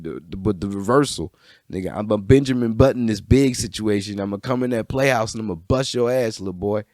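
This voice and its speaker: A man's voice: lowish voice, no echo. Man ranting in a dry room. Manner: profane, rambling, animated outbursts. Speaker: podcast host. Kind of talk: casual solo monologue. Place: room by a bookshelf.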